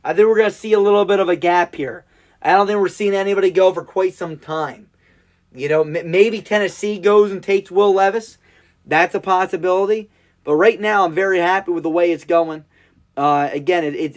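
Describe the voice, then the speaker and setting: Excitable high-voiced man reacting live. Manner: excitable, emotional, repeats himself. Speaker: live draft commentator.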